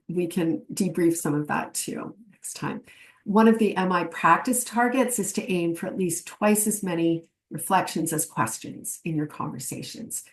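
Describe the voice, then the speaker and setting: A woman giving an educational webinar lecture, explaining ideas reflectively and acting out short client examples. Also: medium pitch. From Canada. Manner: warm, reflective teaching with quoted client examples. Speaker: webinar presenter.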